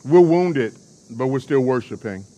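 A man's voice: mid-range voice, animated, measured pace, warm tone, lo-fi sound. A male preacher delivering a sermon, emphatic and calling on the congregation to respond.

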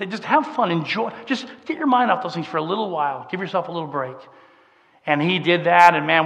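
A middle-aged man preaches through a conversational personal story, shifting from soft and emotional to emphatic. His voice is a little high, and a long hall reverb fills the recording.

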